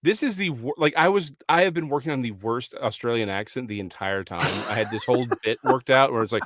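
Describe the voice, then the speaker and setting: A man's voice: mid-range voice, quick pace, hardly any pauses, no echo, clean studio sound. A man as a podcast guest, joking and laughing about himself in casual banter. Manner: animated, self-mocking, laughing.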